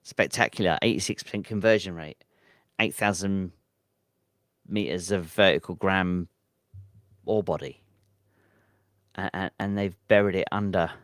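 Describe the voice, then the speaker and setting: A man's voice: sits low, steady tone, unhurried, pauses often, fairly bright tone, no room sound, studio quality. A man hosting a late-night livestream, reading viewer chat and thinking aloud in a hesitant, rambling way with lots of ums. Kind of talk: casual live-stream chat. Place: home at midnight.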